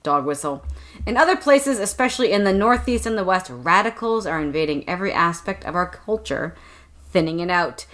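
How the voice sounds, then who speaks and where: A woman's voice: on the low side, expressive, brisk, fairly bright tone. A woman chatting casually about a book with wry, sarcastic asides. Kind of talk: casual book-club chat.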